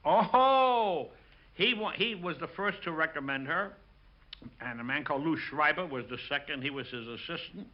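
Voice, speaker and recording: An older man, a film director, recalls his career in an interview, telling lively stories and acting out the lines of the people in them. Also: on the high side, normal speed, lo-fi sound. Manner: lively storyteller acting out quotes. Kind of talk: interview recollection.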